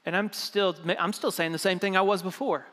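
A young man preaching with a fairly high voice, telling a personal story to his congregation. He slips into the voices of the people he quotes, keeping it casual. His voice rings with long reverb from a large hall. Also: fairly even intonation, brisk, a bit bright. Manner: conversational, acts out quoted dialogue. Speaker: pastor. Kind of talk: storytelling sermon.

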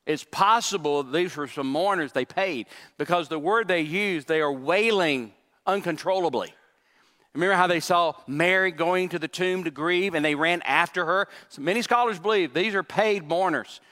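A man's voice: a little high, moderate pace, sharp tone, long reverb tail. A man preaching a sermon as pastor, emphatic, with repetitions and asides to the congregation.

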